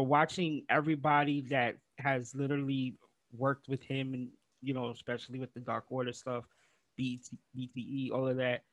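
A man's voice: medium pitch, fairly bright tone, dry recording. A man co-hosting a casual wrestling podcast, rambling and calling his friend "bro" as he retells his reactions. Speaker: podcast co-host.

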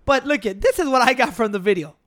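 A man's voice: extremely high pitch, expressive, fast talker, fairly bright tone, dry recording, clean studio sound. A man telling a story in casual chat, rambling and swearing with street slang.

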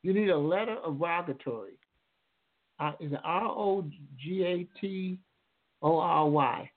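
A man's voice: fairly high pitch, a little slow. A man calling in to a radio talk show, explaining at length in a rambling, lecturing way with many restarts. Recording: tinny phone line.

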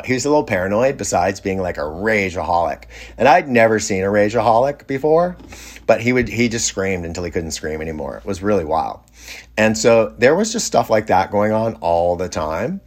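A middle-aged man telling a personal story in a casual, rambling way, often restarting his sentences and sounding amused. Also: on the low side. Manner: rambling, self-interrupting, amused. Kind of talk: casual anecdote.

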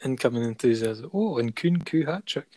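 A man's voice: medium pitch, lively intonation, moderate pace, warm tone, dry recording. Sweary joking man, dry sound. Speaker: podcast co-host. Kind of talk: casual banter.

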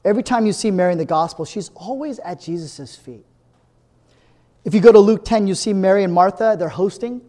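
A man's voice: high-pitched, brisk, warm tone, long reverb tail. A male pastor preaching a sermon in a conversational way, often asking "right?", and building to emphatic repeated phrases. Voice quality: earnest, builds to emphatic repetition. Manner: conversational, frequent tag "right?".

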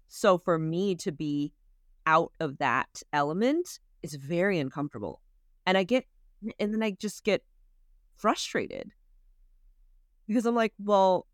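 A woman in her thirties, a guest on a podcast, chats casually and animatedly in a low voice, laughing often and acting out her own inner voice. It's a casual interview captured with clean studio sound and no echo.

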